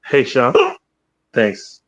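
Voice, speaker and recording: A man's voice: drawn-out words, a bit bright, lo-fi sound. A man hosting a casual livestream chat, rambling and swearing freely, with hiccups. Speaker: podcast host.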